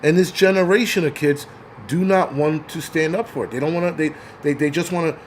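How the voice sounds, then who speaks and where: A man rants angrily and crudely as the host of his own stream. His voice sits a bit high for a man. He talks in a blunt, profane, mocking way. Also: fairly quick, a little hiss or hum. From New York. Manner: angry, crude, mocks others in put-on voices. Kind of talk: profane livestream rant.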